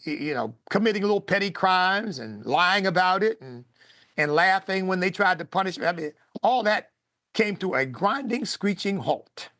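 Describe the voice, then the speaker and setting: A man telling his own story to an audience with emotion, shifting between hushed, quiet moments and lively bursts. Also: sits high, no room sound, studio quality.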